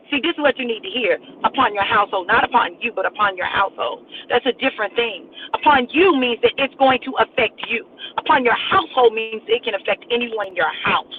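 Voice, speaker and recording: Woman preacher going hard on a live stream, high voice, sounds like it's through a phone. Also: animated, a little fast. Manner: emphatic, repetitive, addresses viewers directly. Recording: tinny phone-like audio with faint noise.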